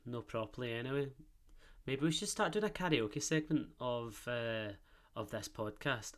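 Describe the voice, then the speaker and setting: A Glaswegian man chats away on his podcast in a bright, forward voice. He rambles, swears freely and pokes fun at himself. His pitch sits in an ordinary middle range for a man. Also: animated, normal speed. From Scotland. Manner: rambling, sweary, self-mocking banter. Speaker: podcast host. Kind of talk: casual solo podcast chat.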